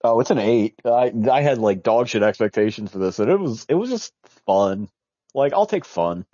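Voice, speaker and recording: Lively, sarcastic man in casual chat. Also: mid-range voice, moderate pace, no room sound. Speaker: podcast co-host. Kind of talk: casual movie review chat. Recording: dull lo-fi sound, dry.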